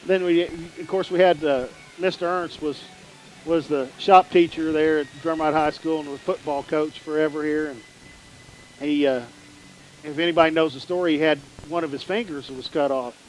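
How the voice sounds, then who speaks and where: A man's voice: on the high side, steady tone, normal speed, poor audio. A middle-aged man hosting a local sports broadcast, talking in an easygoing, reminiscing way. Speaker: radio sports host. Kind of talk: casual chat. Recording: faint background noise.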